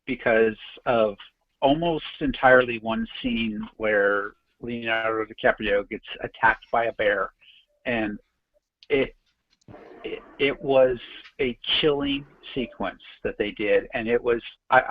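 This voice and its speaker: A man co-hosting a casual podcast, calmly explaining his picks and steering the order. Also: medium pitch, narrow, tinny audio. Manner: deliberate, explains his reasons slowly. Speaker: podcast co-host. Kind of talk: casual chat.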